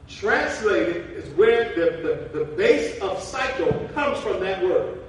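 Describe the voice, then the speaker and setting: A man's voice: high voice, animated, slow. A man preaching a sermon in a folksy, casual way that rises to fervent calls. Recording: very echoey, far from the mic, faint noise.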